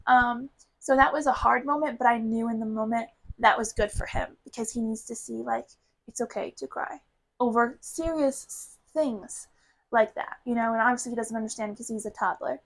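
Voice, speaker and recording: A woman's voice: on the high side, steady tone, normal speed, rough recording. Earnest young woman, candid podcast chat. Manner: candid, earnest, talks in runs of repeated phrases. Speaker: podcast co-host. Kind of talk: casual heart-to-heart chat.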